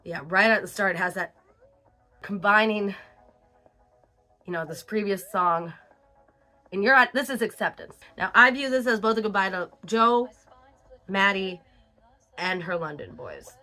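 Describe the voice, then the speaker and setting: A woman's voice: mid-range voice, a little slow, long pauses, sharp tone, soft background music. A woman hosting a casual album review, chatty and breaking into lyric snippets between her comments.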